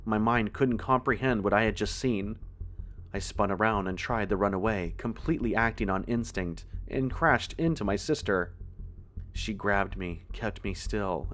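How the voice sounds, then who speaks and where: A man narrating a first-person horror story in a tense, measured way. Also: on the low side, a bit bright, a little hiss or hum.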